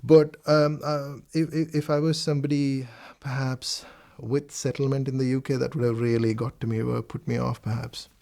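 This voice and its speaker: A man's voice: mid-range voice, little pitch movement, normal speed, vocal fry, hardly any pauses, warm tone. A middle-aged man from South India with a South Indian accent, reflectively giving a personal testimony, hesitating and restarting often. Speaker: interviewee.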